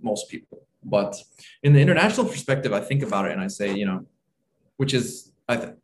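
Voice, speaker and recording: A man's voice: on the low side, very animated, fairly quick, a little hiss or hum. A young man from Turkey co-hosting a casual podcast over a video call, talking eagerly in rambling bursts with restarts. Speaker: podcast co-host.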